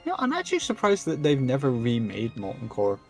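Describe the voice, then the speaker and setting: A man's voice: mid-range voice, wildly swooping pitch, brisk, a little mellow, soft background music. A Scottish man streaming a game, chatting casually, joking and swearing freely. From Scotland. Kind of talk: casual gaming chat.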